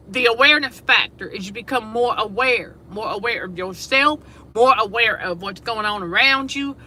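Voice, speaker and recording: A woman's voice: a little high, sharp tone, low-quality recording. A woman hosting a casual spiritual talk livestream, emphatic and repetitive, who laughs often. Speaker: show host. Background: air conditioner hum.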